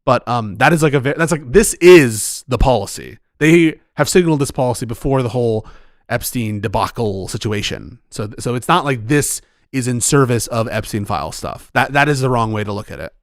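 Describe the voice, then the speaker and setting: A tired man speaks at a medium pitch in loose political chat, rambling, cursing and doubling back on his words. His voice is recorded dry and close. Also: lively intonation, normal speed, no echo. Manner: rambling, profane, restarts often.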